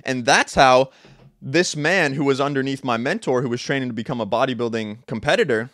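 A young man hosting a podcast, giving an intense, profane motivational monologue with bursts of shouting. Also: mid-range voice, fairly quick, dry recording, clean studio sound. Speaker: podcast host. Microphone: two cameras, podcast mic.

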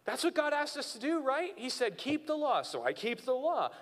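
Animated male pastor preaching. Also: very high-pitched, moderate pace, long reverb tail. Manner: animated, acts out quoted voices. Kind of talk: sermon.

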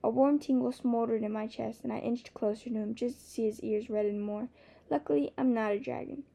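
Mellow woman with a gravelly fry. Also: fairly high pitch, flat delivery, a little fast. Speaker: audiobook narrator. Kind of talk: first-person novel narration.

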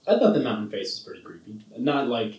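A man's voice: medium pitch, very animated, fast, darkish tone, far from the mic. A man co-hosting a podcast, rambling casually about a film with lots of fillers and laughs. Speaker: podcast co-host. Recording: roomy sound from off the mic.

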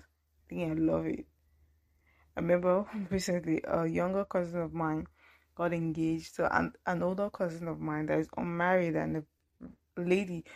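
Gravelly Nigerian woman, playful. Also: on the low side. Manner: chatty and playful, laughs often, animated asides. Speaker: podcast host. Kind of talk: casual chat.

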